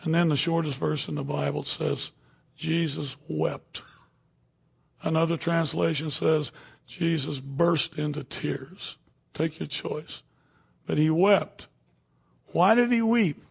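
A man's voice: high voice, measured pace, creaky, darkish tone, breathy edge. A man preaching a sermon to a room of people, talking conversationally and checking in with "okay?" and "you know" as he goes.

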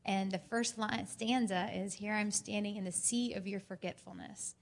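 A woman in a church group sharing an earnest personal testimony, telling her story in an animated way. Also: medium pitch, moderate pace, creaky.

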